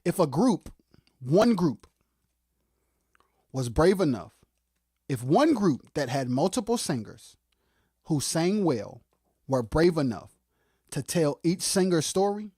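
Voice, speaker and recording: A livestream co-host giving impassioned commentary on music production. They get fired up and shout, then drop into quiet asides, and repeat phrases for emphasis. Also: mid-range voice, sing-song, slow, pauses often, slightly rough, no echo, clean studio sound. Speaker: co-host of a live music talk stream.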